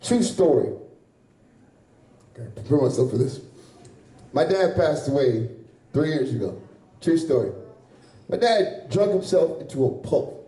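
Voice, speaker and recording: Crude comedian in an echoey bar. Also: male voice, on the high side, very animated, unhurried, pauses often, mellow. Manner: loose, crude, laughing at his own jokes. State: sweating. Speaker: stand-up comedian. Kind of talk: stand-up set at an open mic. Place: small bar or club with a live audience. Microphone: handheld stage mic. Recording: echoey room from far off.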